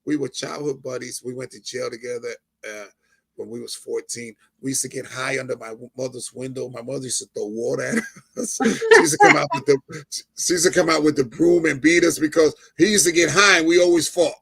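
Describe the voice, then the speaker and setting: A middle-aged man from New Jersey, a guest in an interview, offers an emotional personal testimony in a medium-pitched voice with vocal fry and a breathy edge, speaking fairly quickly. He's animated, laughing often and getting loud when excited.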